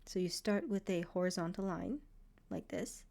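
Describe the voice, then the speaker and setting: A woman leads a beginner Hebrew lesson in a patient, encouraging way. Her voice sits a touch low and mellow. She breaks words into single sounds and repeats them slowly. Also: creaky. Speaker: Hebrew teacher.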